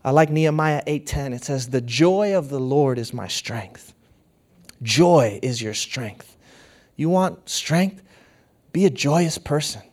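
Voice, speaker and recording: Brief: middle-aged male pastor, slightly higher voice, earnest sermon delivery with hushed storytelling.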